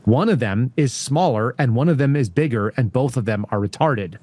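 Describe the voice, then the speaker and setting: A mid-pitched man chats as a guest on a political talk show. He rambles and tells stories with animated energy. The sound is dry, with no room echo. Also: normal speed. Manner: rambling, animated storyteller with frequent laughs.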